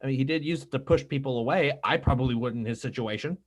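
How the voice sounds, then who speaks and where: Man, podcast co-host, casual, indignant, middle-pitched voice. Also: quick pace. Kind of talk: political discussion podcast.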